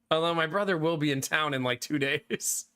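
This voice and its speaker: Streaming a game, a man in his thirties chats casually with his viewers and reads their live messages, laughing a lot and cursing freely. He speaks unhurriedly in a smooth, highish voice. His tone is sharp.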